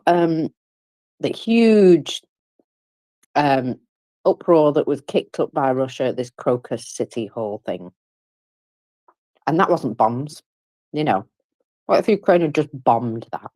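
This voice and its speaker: Outspoken woman, lively swooping voice, dry close sound. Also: deep voice, no room sound. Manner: indignant, outspoken, wry. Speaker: participant in a live audio chat space. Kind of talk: heated casual chat.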